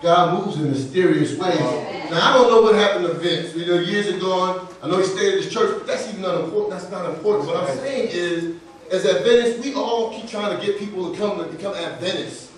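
A man's voice: high-pitched, a little fast. A male pastor preaching a sermon, telling a personal story with laughter and acting out the dialogue. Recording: echoey room, voice from far off the mic.

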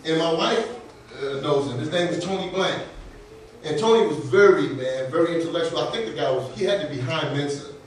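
A male pastor delivers a sermon, laughing as he tells a personal story and acts out the dialogue. His voice sits high with a little hiss or hum, and he sounds far off the mic in an echoey room.

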